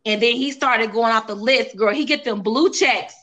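Bright-voiced woman telling her story. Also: on the high side, moderate pace. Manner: animated, quotes others, repeats phrases for emphasis. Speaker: interview guest, singer. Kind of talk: casual interview, emotional storytelling.

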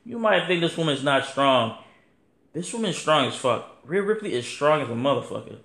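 A man hosting a podcast, talking in a casual, rambling monologue that is animated and full of swearing. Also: fairly high pitch, normal speed, gravelly. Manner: animated, profane, rambling, acts out quotes. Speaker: podcast host. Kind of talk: casual wrestling review monologue. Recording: echoey room.

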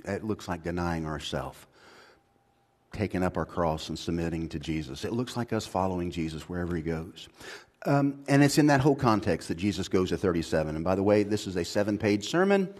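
A man preaching a sermon as pastor, moving from quiet, low reflection to loud, high-pitched exhortation, with casual slang and repeated restarts. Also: expressive, brisk.

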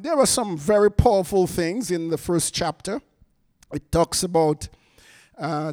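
Man preaching, high voice, slow deliberate delivery, emphatic repeats, dry close sound. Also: no echo. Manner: emphatic preaching with repetitions and restarts; soft hushed prayer. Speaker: guest preacher. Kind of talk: sermon with prophetic word and prayer.

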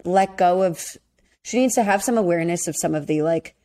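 A woman's voice: on the low side, fairly quick, mellow. A woman co-hosting a casual chat about a dating show, speaking bluntly and candidly and swearing freely. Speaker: podcast co-host.

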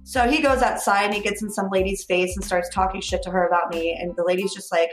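A woman's voice: medium pitch, steady tone, quick pace, hardly any pauses, roomy sound, faint music behind. A woman co-hosting a podcast, telling a story in casual chat, acting out quotes and laughing often. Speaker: podcast co-host.

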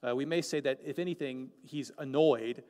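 A man preaching a sermon as pastor, animated and joking, asking the congregation many questions. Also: medium pitch, moderate pace. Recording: long hall reverb.

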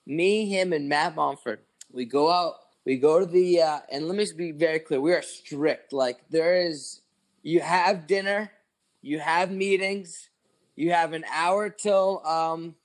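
A man's voice: on the high side, measured pace. A man in his twenties, a podcast co-host, telling a long story in casual chat, rambling with lots of "like" and swearing.

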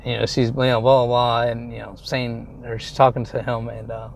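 Gravelly young man rambling through a story. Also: medium pitch, flat delivery, brisk, slight background noise. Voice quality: rambling, filler-heavy, swears casually. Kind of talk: casual storytime monologue.

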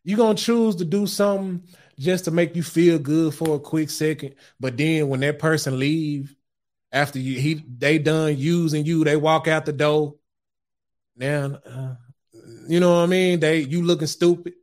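High-voiced man preaching self-improvement. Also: steady tone, normal speed, darkish tone. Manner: impassioned, repeats words when starting a thought; addresses listeners directly as guys and family. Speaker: podcast host. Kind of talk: motivational sermon-style talk.

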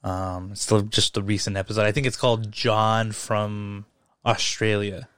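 A young man co-hosting a casual podcast, rambling and swearing freely as he retells stories with animated asides. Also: fairly low pitch, a little slow, clear, resonant tone, dry recording, studio quality. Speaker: podcast co-host. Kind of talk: casual chat.

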